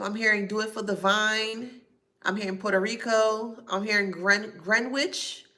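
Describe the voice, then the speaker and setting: Bright, gravelly woman giving a psychic reading. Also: mid-range voice. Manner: lists heard names and places, spelling them out letter by letter. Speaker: psychic reader. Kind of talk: channeled psychic reading to camera.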